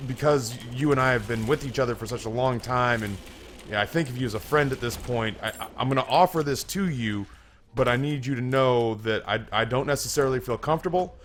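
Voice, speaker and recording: A man's voice: medium pitch, brisk, a little hiss or hum, natural voice. A man voicing a cautious doctor who speaks hesitantly, as if sharing a secret. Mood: confiding. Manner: hesitant and confiding.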